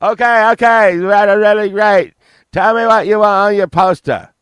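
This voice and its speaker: A frazzled older rock star squeals and shouts in a voice pitched far up, all panic and cursing, as a man puts him on. He sounds crisp and dry, close to the mic, frantic rather than menacing. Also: moderate pace, dry recording. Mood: impatient.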